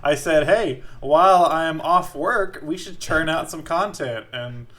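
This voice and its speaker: A man's voice: a little high, a little slow, fairly bright tone. A man co-hosting a gaming podcast in casual, joking chat, laughing often. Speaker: podcast co-host.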